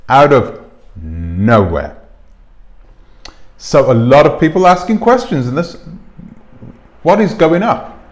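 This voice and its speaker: A man hosting his own commentary channel, talking casually to camera on a clip-on mic, rambling and asking his viewers rhetorical questions. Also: mid-range voice. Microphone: clip-on microphone.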